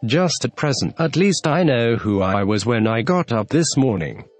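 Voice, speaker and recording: A man's voice: medium pitch, big pitch swings, moderate pace, dry recording, soft background music. A man voicing a polite, earnest young girl who is puzzled.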